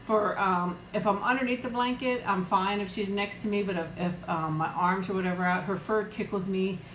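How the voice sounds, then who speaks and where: A woman's voice: medium pitch, steady tone, moderate pace, fairly bright tone, roomy sound, slight background noise, rough recording. A woman hosting a casual live-chat eating stream from home, talking in a rambling way and laughing often. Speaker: livestream host.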